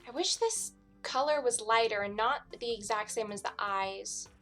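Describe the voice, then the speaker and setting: Young woman, casual game commentary, chatty and wry, bright fairly high voice, soft music under. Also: normal speed. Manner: chatty, laughs often, wry asides. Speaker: streamer.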